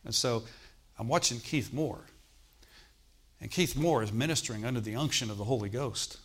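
A man preaches a sermon, sharing his personal testimony conversationally and frequently checking in with the congregation with "Okay?" His voice is mid-range and a bit bright, at a moderate pace.

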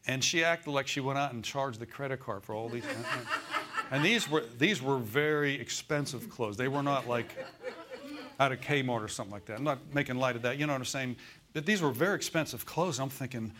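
A male pastor preaching a sermon in a church, folksy, asking the congregation for replies and slowing down to read scripture aloud. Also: mid-range voice, fairly bright tone.

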